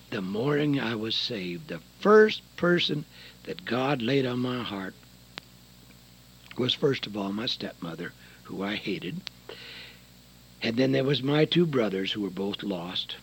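An older man preaching a sermon and telling his own testimony, dropping to a hush and then rising loud again, from a radio broadcast. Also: mid-range voice, breathy edge, poor audio. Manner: dramatic, swings from hushed to loud.

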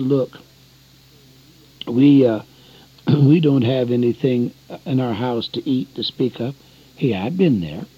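A man's voice: mid-range voice, breathy edge. An older man preaching an earnest, folksy radio sermon, often calling his listeners friends. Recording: dull lo-fi radio broadcast.

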